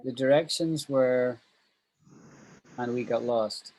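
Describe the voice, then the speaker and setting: Man teaching English slowly, patient. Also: mid-range voice, darkish tone, a little hiss or hum, low-quality recording. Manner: patient, slow drilling of pronunciation. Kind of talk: online English class.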